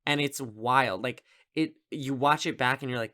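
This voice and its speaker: Speaking at a normal speed with hardly any pauses, this podcast host has a medium-pitched voice that is bright and forceful. His solo film review is casual and rambling, packed with fillers and amused side comments.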